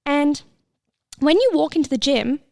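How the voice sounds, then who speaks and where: A woman's voice: high-pitched, lively intonation, unhurried, creaky, a little mellow, dry recording, clean studio sound. A woman, hosting a casual solo podcast, chatty and laughing, swearing freely and sometimes dropping into whispers. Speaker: podcast host. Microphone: close mic with headphones listeners.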